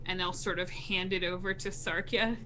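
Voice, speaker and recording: A woman's voice: on the low side, fairly even intonation, moderate pace, background noise. A woman playing in a tabletop game, often flustered and stammering. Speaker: player. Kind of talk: casual tabletop play.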